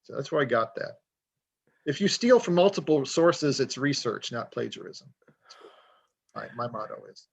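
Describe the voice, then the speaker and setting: A man's voice: mid-range voice, animated, moderate pace, gravelly, pauses often, slightly rough, poor audio. A man talking casually on a podcast as an author guest, rambling and self-deprecating as he tells stories.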